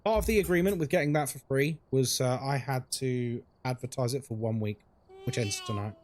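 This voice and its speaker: A man's voice: mid-range voice, brisk, a little mellow, slight background noise. A young man streaming a ghost-hunting game live, chatting casually with his chat while he plays and reacting to what happens in the game.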